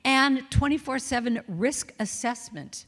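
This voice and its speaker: A woman voicing her nagging female inner critic, a tireless worrier who brisk-ly lists her skills in a hall with long reverb. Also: sits high, animated, a bit bright, voice pushed up, heavily acted. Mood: boastful.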